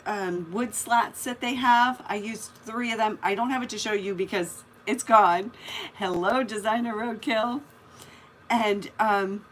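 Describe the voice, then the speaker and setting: A woman's voice: fairly high pitch, a bit bright, slight background noise. A woman hosting a casual live craft stream, chatting and greeting viewers by name as she works. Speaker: craft livestream host.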